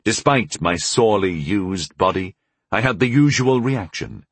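An audiobook narrator with a low, husky voice reads a first-person fantasy tale, measured and gently wry, with lively intonation. The recording is dry and close, with no echo or room sound.

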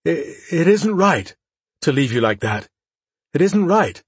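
A man voicing a chubby, timid male chamberlain who talks in a squeaky, stuttering, pleading way. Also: animated, moderate pace, husky, no room sound. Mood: miserable.

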